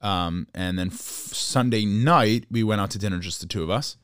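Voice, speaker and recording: A man with a low voice spins a long, animated story on his podcast, stumbling over restarts and arguing back at his co-host. The sound is close and dry, with no room around it. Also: smooth, no echo. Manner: animated storyteller, quick restarts and playful bickering. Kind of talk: casual chat.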